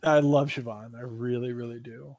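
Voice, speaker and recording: A man co-hosting a gaming podcast in casual chat, animated and opinionated, swearing freely. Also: mid-range voice, normal speed, dry recording, clean studio sound. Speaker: podcast co-host.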